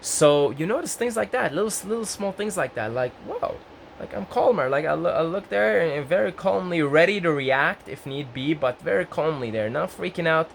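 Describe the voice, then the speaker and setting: Rambling, excitable young man vlogger. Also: moderate pace, creaky, few pauses, a little hiss or hum. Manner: rambling, self-interrupting, lively pitch jumps when excited. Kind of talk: casual talk to camera.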